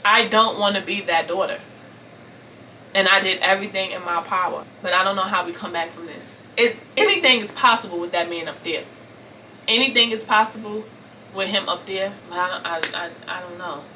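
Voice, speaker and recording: A woman in her thirties from Brooklyn speaks to her camera in a raw, tearful vent, repeating phrases and swinging between forceful declarations and soft pleading. Her voice is bright and edged. The mic sits a little away from her, with a faint hiss in the background. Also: mid-range voice, moderate pace, far from the mic, rough recording. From Brooklyn, New York. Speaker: vlogger. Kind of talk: emotional storytime vent to camera.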